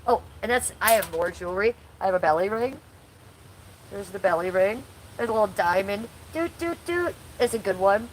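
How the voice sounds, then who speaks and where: A woman's voice: medium pitch, fairly quick, a little hiss or hum, low-quality recording. A woman in her forties hosting a casual livestream from home, chatting bluntly and crudely while reading chat aloud. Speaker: livestream host.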